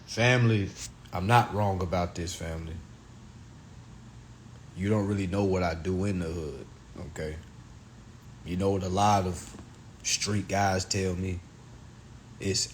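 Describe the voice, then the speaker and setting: A man's voice: sits low, steady tone, unhurried, pauses often, slight background noise. A man talking straight to livestream viewers, profane and emphatic, now and then acting out other people's voices. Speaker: livestream speaker. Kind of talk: animated monologue to viewers.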